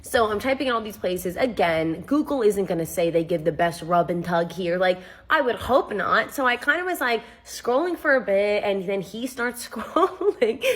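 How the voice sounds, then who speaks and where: A young adult woman telling a funny story in casual storytime style. Her delivery is animated, wry and self-mocking. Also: medium pitch, moderate pace, hardly any pauses.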